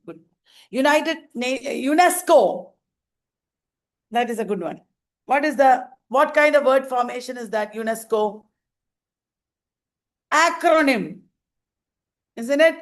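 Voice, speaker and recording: A woman teacher giving a slow exam revision lecture, repeating terms and quizzing her class. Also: on the high side.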